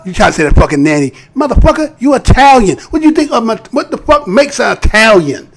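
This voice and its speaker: A man's voice: high-pitched, sing-song, fast, vocal fry, few pauses, a little hiss or hum. A man hosting a live stream, giving heated, profane commentary and mocking voices. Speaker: live show host.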